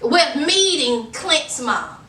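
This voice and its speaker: A sassy woman vlogger recapping a reality show, direct and scolding, with a high, lively, bright voice. She talks at an unhurried pace. The mic sits far off in an echoey room. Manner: sassy and direct, scolding with "honey", "y'all", "okay?". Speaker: reality TV reviewer. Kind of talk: casual recap vlog.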